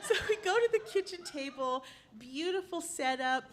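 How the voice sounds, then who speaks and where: Animated woman telling a true story. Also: sits high, normal speed. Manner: animated, acts out the voices of family members. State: tearful while telling. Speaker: personal storyteller. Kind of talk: live personal storytelling.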